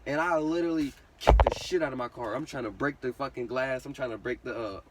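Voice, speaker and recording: A man's voice: medium pitch, fast talker, distant mic, very noisy. A young man casually telling a personal story, full of slang and swearing, who says literally constantly. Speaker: vlogger.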